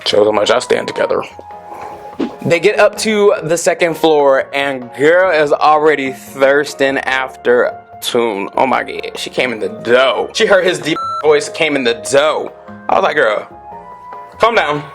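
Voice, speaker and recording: A man giving a chatty, expressive recap of a TV episode as a channel host, often acting out the characters' lines. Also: mid-range voice, unhurried, faint music behind. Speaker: show recap YouTuber. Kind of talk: casual recap commentary.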